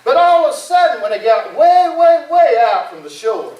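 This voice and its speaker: A man's voice: extremely high pitch, big pitch swings, normal speed, darkish tone. A male pastor preaching a sermon in a folksy, dramatic storytelling way. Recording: echoey room from far off.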